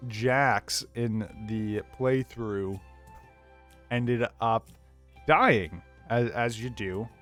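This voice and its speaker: A man's voice: mid-range voice, a bit bright. A young man giving rambling let's play commentary from a small home office, chatting to viewers and his dog. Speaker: gaming YouTuber.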